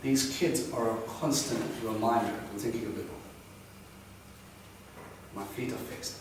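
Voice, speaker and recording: A man preaching a sermon to a congregation, emphatic and repetitive, swinging between loud and hushed passages. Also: on the low side, steady tone, measured pace. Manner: repetitive, rhythmic exhortation. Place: congregation hall. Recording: echoey hall from far off, faint background noise.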